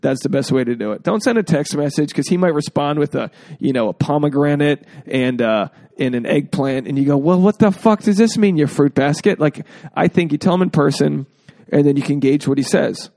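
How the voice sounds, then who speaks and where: A man's voice: a little high, fairly quick, gravelly, a little mellow, no room sound. A man hosting a casual podcast, joking freely and acting out quotes in exaggerated voices. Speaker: podcast host.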